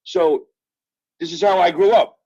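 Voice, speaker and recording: This middle-aged Brooklyn man, an author appearing as a guest, speaks a little slowly in a high, steady voice that's gravelly and warm with a breathy edge. The casual interview chat is heard through dull phone audio with no echo, as he rambles through profane, filler-heavy stories.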